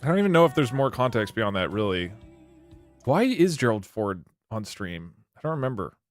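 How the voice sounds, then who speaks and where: A man's voice: mid-range voice, big pitch swings, moderate pace, dry recording, clean studio sound, faint music behind. A young man hosting a stream, chatting casually and rambling through wry asides to his chat. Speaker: streamer host.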